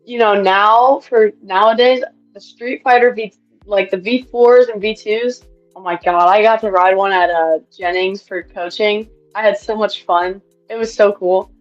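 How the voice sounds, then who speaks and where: A young woman co-hosting a casual chat, excitable and full of fillers and restarts. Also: medium pitch, a little slow, soft background music. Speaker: co-host, racer. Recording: dull lo-fi audio.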